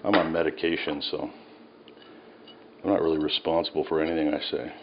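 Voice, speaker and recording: A man with a very low voice talks his way casually through a recipe in a home kitchen. He rambles and cracks self-mocking jokes. The sound is a little dull, with a faint hiss behind. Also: level tone, brisk. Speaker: home cook. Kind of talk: casual cooking video.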